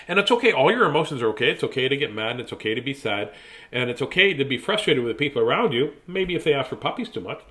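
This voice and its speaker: A man chatting playfully to young viewers after a bedtime story, in a goofy mood, then singing a good-night song. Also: medium pitch. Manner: goofy, playful, warm sign-off. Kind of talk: casual bedtime chat to viewers.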